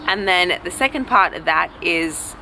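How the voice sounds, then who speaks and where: Young woman vlogger, bright voice, frank and encouraging, faint traffic behind. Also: lowish voice, expressive, measured pace, gravelly, poor audio. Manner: frank, chatty, encouraging, swears casually. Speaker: vlogger and recovery coach. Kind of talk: casual advice vlog. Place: outdoors by a road with passing cars.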